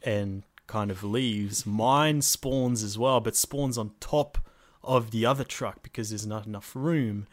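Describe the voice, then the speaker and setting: A man co-hosting a podcast, telling a gaming story in a laid-back way and swearing freely. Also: medium pitch. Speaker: podcast co-host. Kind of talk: casual storytelling chat.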